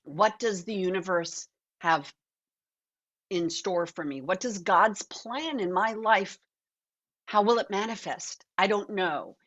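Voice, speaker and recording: An older woman, a guest actor and author, telling animated, reflective stories in a conversational interview over a video call. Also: mid-range voice, takes it slowly, lo-fi sound.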